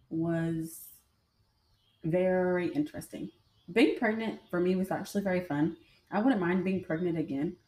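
This young adult woman, a vlogger, has a lowish voice with a dark tone. She rambles casually through her own stories for viewers, leaning on lots of fillers, in a room with noticeable echo.

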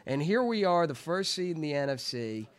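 A man hosting a lively sports talk show, talking excitedly with lots of stammered restarts and playful teasing. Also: a little high, normal speed. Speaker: host.

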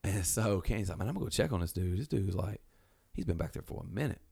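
A man's voice: low-pitched, fast, creaky, slightly rough. A man casually telling a rowdy story, swearing and acting out what people said in raised voices. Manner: animated, swearing, acts out quotes in raised voices. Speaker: storyteller guest.

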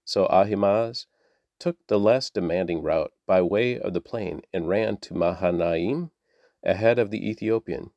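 A man reading scripture aloud in a steady, measured way. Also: sits low, dry recording, dull audio. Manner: steady, measured, with small slips. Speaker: Bible reader.

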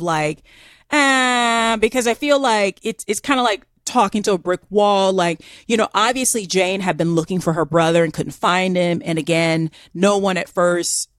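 A woman with a Southern US accent, co-hosting a podcast and telling a story in a chatty, animated way with many fillers. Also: medium pitch, moderate pace, no echo, studio quality. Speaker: podcast co-host. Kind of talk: casual storytelling chat.

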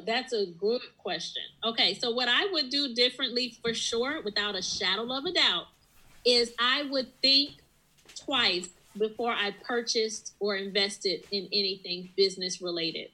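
A woman's voice: on the high side, bright, forceful tone, rough recording. A woman who runs her own business, telling her story in an interview in an earnest, reflective way. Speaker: business owner and guest. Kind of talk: interview conversation.

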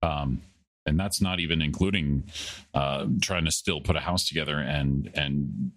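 A man's voice: extremely low pitch, a little slow, fairly bright tone, no echo. A man in his thirties co-hosting a podcast in casual chat, rambling and jokey, poking fun at himself. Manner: rambling, jokey, self-deprecating. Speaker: podcast co-host.

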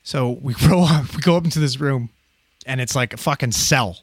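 A paramedic in his thirties casually tells a story full of swearing, animatedly acting out the voices he quotes. His voice is medium-pitched, husky, and brisk, captured in clean studio sound without echo.

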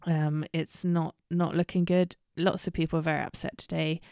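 A woman talks through her week in a casual solo podcast, candid and full of ums. Her voice is fairly low and smooth, and she speaks slowly. The sound is dry and close, with no room around it. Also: flat delivery, darkish tone, no echo. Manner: chatty, candid, many ums and self-corrections. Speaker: podcast host.

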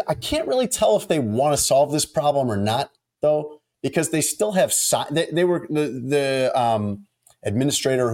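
A man co-hosts a sports podcast and tells a story in a relaxed, chatty way. His voice sits at an ordinary middle pitch. He keeps a dry, amused edge as he talks. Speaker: podcast co-host. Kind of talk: casual chat.

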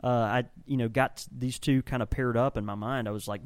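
A tobacco shop owner and blender talks on a casual podcast, rambling enthusiastically and often restarting his sentences. His mid-range voice holds a steady tone at a brisk pace, with no room sound.

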